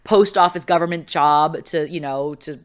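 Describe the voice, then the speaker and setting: A middle-aged woman, appearing as a podcast guest, tells a personal story in a relaxed, casual way. Her voice is low and her pace moderate, and she's animated, acting out the voices of people she quotes and using plenty of fillers.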